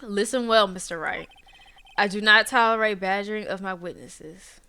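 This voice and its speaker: Woman reading a haughty older male prosecutor from a game, clipped and bright-toned. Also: medium pitch, normal speed.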